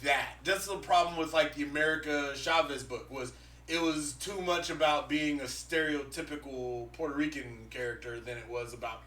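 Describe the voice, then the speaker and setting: Bright-voiced, opinionated man, casual podcast chat. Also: a little high, moderate pace, echoey room, far from the mic. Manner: laid-back, opinionated, swears casually. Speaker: podcast co-host. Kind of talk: casual chat about comic books.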